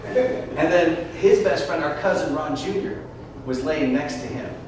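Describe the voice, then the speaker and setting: A man from Michigan telling profane, animated autobiographical stories on stage. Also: on the high side, measured pace, far from the mic. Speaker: solo performer. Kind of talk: autobiographical stand-up storytelling. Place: live stage show. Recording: echoey live stage from afar, noisy.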